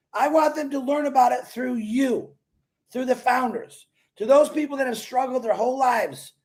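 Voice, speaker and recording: A man hosting a casual live stream, giving an excitable, rambling motivational pitch that bursts into shouts, and greeting his viewers by name. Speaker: livestream host greeting viewers.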